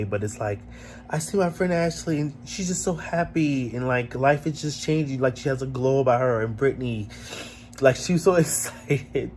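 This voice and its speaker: A man's voice: medium pitch, normal speed, a little mellow, a little hiss or hum. A man hosting his own vlog, talking in a casual, reflective and emotional way, rambling with lots of "like" and just woken up. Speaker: vlogger host.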